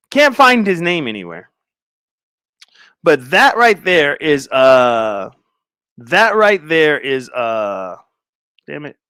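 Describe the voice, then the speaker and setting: A man's voice: a little high, a bit bright, smooth, no echo, clean studio sound. A man hosting a casual livestream, rambling and distracted as he talks to viewers in chat. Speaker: livestream host.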